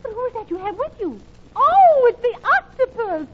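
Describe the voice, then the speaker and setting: Lady doing a prim gushy society woman, high lively voice, old time radio. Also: moderate pace, roomy sound, lo-fi sound, heavy background noise. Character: genteel, eccentric lady customer. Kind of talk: 1940s radio comedy.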